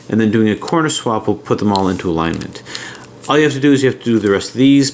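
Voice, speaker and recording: A man's voice: on the low side, slight background noise. A middle-aged American man talking casually as he explains and unboxes puzzles. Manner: chatty, talks while handling puzzles. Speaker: puzzle channel host.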